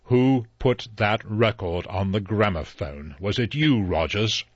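A man reading an audiobook, voicing an elderly judge who speaks dryly and with measured authority. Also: fairly low pitch, expressive, dry recording. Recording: slightly dull dry recording.

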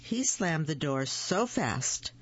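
Slow gentle reader doing kids' picture books aloud, unhurried, kinda muffled lo-fi recording. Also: medium pitch, very animated, husky. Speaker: storyteller. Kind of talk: storybook reading aloud.

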